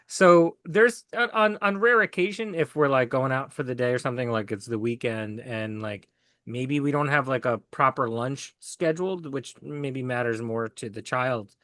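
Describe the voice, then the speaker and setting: A man's voice: medium pitch, moderate pace, fairly bright tone, no echo, clean studio sound. A man co-hosting a casual podcast, making teasing side comments and laughing often. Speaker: podcast co-host.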